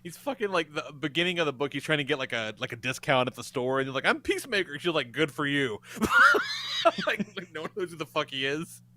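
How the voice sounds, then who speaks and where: A man hosting a podcast in casual chat, animated and swearing freely. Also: a little high, quick pace, slight background noise. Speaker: podcast host.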